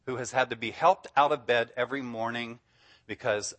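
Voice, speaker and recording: A man's voice: mid-range voice, steady tone, moderate pace, fairly bright tone. A man preaching as a guest speaker, enthusiastic and emphatic, often breaking into laughter. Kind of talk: sermon.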